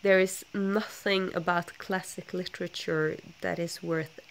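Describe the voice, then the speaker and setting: Young woman, lowish gravelly voice, blocked nose, chatty rambling vlog storytelling. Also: steady tone, measured pace, a little hiss or hum. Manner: chatty, rambling, with many fillers and self-corrections. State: stuffy nose from a flu. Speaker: book vlogger.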